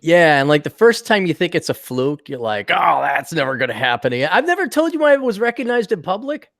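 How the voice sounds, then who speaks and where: A male podcast host in casual chat, an animated storyteller who acts out the people he quotes. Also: fairly high pitch, a little fast, vocal fry, no echo, clean studio sound.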